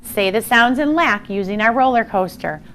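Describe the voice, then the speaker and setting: A woman teaching a phonics lesson to young children, slow and encouraging, sounding out words with exaggerated care. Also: a little high, lively intonation, fairly bright tone, a little hiss or hum. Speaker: primary school teacher.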